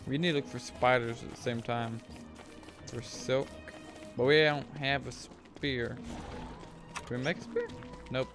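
A man casually talking through his gameplay as a streamer, rambling and thinking aloud, with sudden excited whoops. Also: medium pitch, a little slow, long pauses. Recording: game music playing under the voice. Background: game music.

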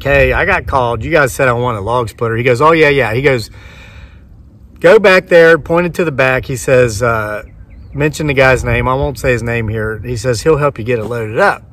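A man's voice: medium pitch, fairly bright tone, far from the mic. A man in his forties, a homesteading vlogger, retelling a story to camera outdoors and acting out both sides of the dialogue. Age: 40s.

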